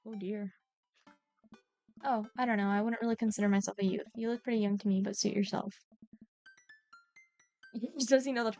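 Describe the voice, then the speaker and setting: A young woman streaming a dating game, reading the dialogue and breaking off to chat. She is giggly and scattered, hopping between topics at a middling pitch, with faint music playing behind her. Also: steady tone, moderate pace, long pauses, a little mellow.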